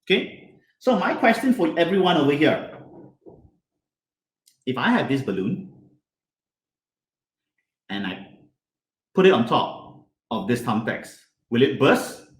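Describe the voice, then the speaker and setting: With a fairly high, up-and-down voice, this man teaches kids a hands-on science lesson and constantly quizzes them. He is very animated yet takes his time, leaving long pauses, and his voice rings out in an echoey, roomy space.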